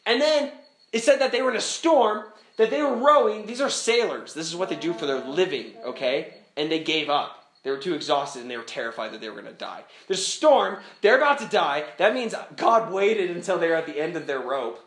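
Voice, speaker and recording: A man's voice: fairly high pitch, expressive, a little fast, fairly bright tone. A man preaching a sermon as pastor at a camp gathering, talking casually and animatedly, often laughing as he goes. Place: camp meeting hall. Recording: echoey hall.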